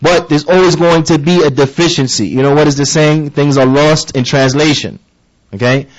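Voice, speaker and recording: Emphatic male preacher, fairly high voice. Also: fairly even intonation, moderate pace, muffled recording. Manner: emphatic, repeats key phrases, asks listeners rhetorical questions. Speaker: religious teacher. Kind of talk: lecture-style sermon.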